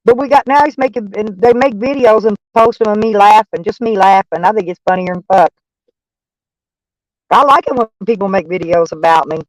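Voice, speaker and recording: A woman's voice: medium pitch, fairly quick, no echo, low-quality recording. A woman with a Texan accent chatting casually on a live stream, rambling and swearing freely as she thanks viewers. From Texas. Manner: rambling, profane, folksy.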